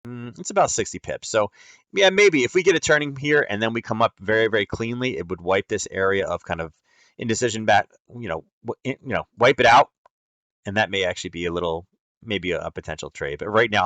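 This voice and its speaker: On a nightly chart stream, a man with a lowish, fairly bright voice talks fast in a dry recording. He teaches trading casually, speaking straight to viewers and filling the gaps with "um" and "like."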